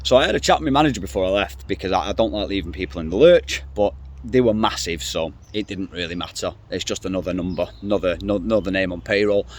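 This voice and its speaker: A man's voice: sits low, fast, slight background noise. A middle-aged man ranting to camera in a casual vlog, blunt, swearing freely and rambling. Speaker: vlogger.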